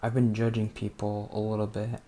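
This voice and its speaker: A let's play host from New Jersey gives casual gameplay commentary in a lowish, warm voice with a completely flat delivery at a moderate pace. He rambles hesitantly, full of fillers and self-interruptions, muttering at the game under his breath, with slight background noise.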